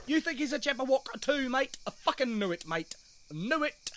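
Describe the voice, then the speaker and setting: A man's voice: very high-pitched, big pitch swings, normal speed, a bit bright, slight background noise, heavily acted. A man voicing a stoned, paranoid male caterpillar with an Australian accent, rambling, swearing and forgetting himself. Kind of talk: animated comedy voice acting.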